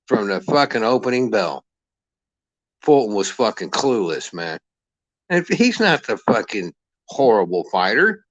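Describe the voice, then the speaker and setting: A man's voice: fairly low pitch, a bit bright, no echo. A man delivering a heated, profane boxing rant as the channel's commentator. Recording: dull lo-fi dry sound.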